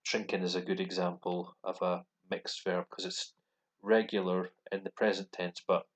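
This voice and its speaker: A man with a Scottish accent and a deep, low voice walks through language exercises. He talks casually and hesitantly, often pausing on um and restarting his sentences. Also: flat delivery, poor audio. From Scotland. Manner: hesitant, many ums and restarts. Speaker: language learner vlogger. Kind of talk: casual explanatory walkthrough. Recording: voice with computer speakers playing.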